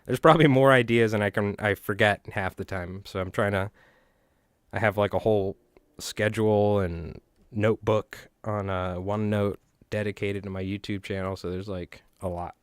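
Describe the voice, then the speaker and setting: A man's voice: lowish voice, steady tone, normal speed, smooth, dry recording, studio quality. A man with a New York accent who hosts a fly tying stream, chatting and joking with viewers in a rambling way. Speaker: fly tying channel host. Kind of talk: casual livestream chat while tying flies.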